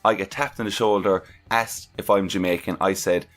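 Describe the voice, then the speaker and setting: A man's voice: low-pitched, fairly even intonation, moderate pace, fairly bright tone. A man co-hosting a podcast, telling stories in casual chat, incredulous and swearing freely. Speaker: podcast co-host.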